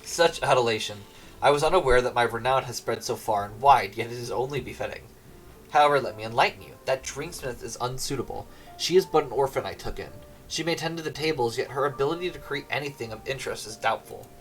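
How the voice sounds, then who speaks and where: A man's voice: medium pitch, quick pace, a bit bright, natural voice, rough recording. A man reading a pompous noble lord in a game aloud, in a haughty, grandiose manner. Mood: scornful.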